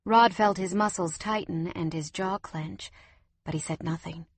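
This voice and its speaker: A woman narrating an audiobook in an even, measured way. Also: fairly low pitch, slightly rough, dry recording. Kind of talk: scripted narration.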